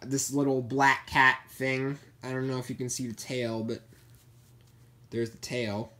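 A man with a bright, forward voice talks loosely through his stuffed toy collection. He rambles and circles back to the same points. The delivery is an unscripted show-and-tell vlog. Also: mid-range voice, flat delivery, measured pace, a little hiss or hum. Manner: chatty, meandering, repeats himself. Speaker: vlogger showing his plush collection.

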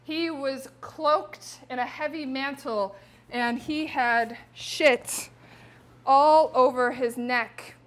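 A woman performer narrates an ancient epic in loose, modern, irreverent language, tossing in asides to her listeners. Her voice sits a little high and her delivery stays conversational rather than grand. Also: a bit bright. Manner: irreverent, casual, with slang and asides. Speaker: performer-translator. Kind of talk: casual live retelling of an epic.

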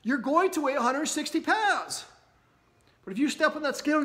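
A man from Canada giving an energetic motivational talk to camera about an anxiety workshop, often checking in with his listeners. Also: very high voice, brisk. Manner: energetic, keeps checking in with "right?" and "okay?".

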